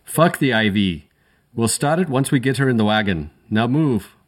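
A man voicing a gruff, swaggering male paramedic with a faint Irish brogue who barks clipped orders. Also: mid-range voice, expressive, moderate pace, pitched above the performer's own voice, lightly acted. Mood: urgent.

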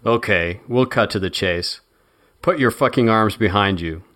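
A man's voice: fairly low pitch, normal speed, a bit bright, close to an everyday voice. A man voicing a menacing male thug who taunts his captive. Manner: taunting, sneering.

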